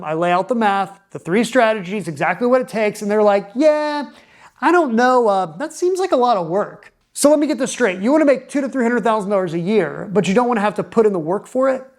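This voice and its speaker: A man's voice: sits high, expressive, quick pace, hardly any pauses. A man who is a real estate investor, giving direct-to-camera advice in an emphatic, punchy coaching manner.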